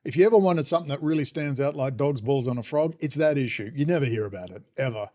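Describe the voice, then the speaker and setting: A man's voice: medium pitch, fast talker, a little mellow. A man ranting sarcastically in a monologue as podcast host. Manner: irreverent, sarcastic, mocking voices.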